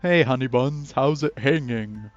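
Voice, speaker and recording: A swaggering, flirtatious male orc drawls his lines at a lazy pace, as a man puts on the voice. The pitch sits in an ordinary middle range. The recording is dull and lo-fi, with soft music playing underneath. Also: measured pace, natural voice. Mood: flirty. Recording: dull lo-fi audio with faint music.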